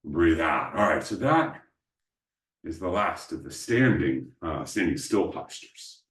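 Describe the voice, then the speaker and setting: A man teaching qigong postures step by step, calm and instructive, with dry joking asides. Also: low-pitched, a little slow. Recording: roomy sound, mic at a distance.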